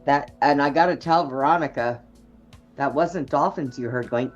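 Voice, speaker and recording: A woman's voice: rumbling low, moderate pace, dull audio, faint music behind. A woman hosting a casual chat, blunt and gossipy, laughing often. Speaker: show host.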